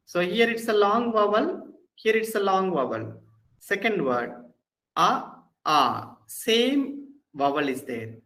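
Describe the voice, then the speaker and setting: Slow, patient Indian English lecturer. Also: male voice, sits high, very animated, sharp tone, poor audio. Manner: patient, repeats and reassures students. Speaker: Bible college Hebrew instructor. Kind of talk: online lecture.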